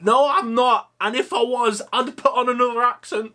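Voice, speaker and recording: Bright high-voiced Coventry man. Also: moderate pace, hardly any pauses. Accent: Coventry English. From Coventry, England. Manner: sarcastic, chatty, many fillers. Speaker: wildlife YouTuber. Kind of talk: casual vlog commentary.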